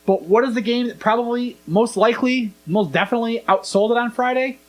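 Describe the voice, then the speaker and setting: A young man with an extremely high-pitched voice, talking a little fast, hosts a podcast and casually retells scenes. He's an animated storyteller who acts out the quoted lines in casual chat.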